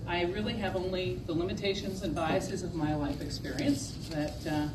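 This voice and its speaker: A woman's voice: on the low side, fairly even intonation, normal speed. A woman giving a humorous, self-deprecating talk to an audience of sisters, often laughing at her own stories. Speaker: speaker at a gathering of sisters. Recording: echoey hall from far off with noise.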